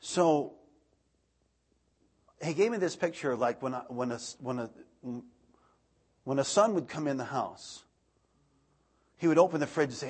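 An animated male preacher in his thirties with a breathy, slightly husky voice. He talks in a mid-range pitch and swings between loud, emphatic bursts and quiet asides. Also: measured pace, pauses often. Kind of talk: sermon.

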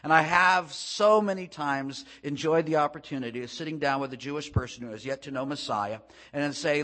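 A male preacher delivering a sermon, with a high, bright voice that carries. He preaches with passion, building up to loud peaks before falling back to hushed, intimate stretches. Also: a little fast, hardly any pauses. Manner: impassioned, swelling to loud climaxes. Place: room with a congregation.

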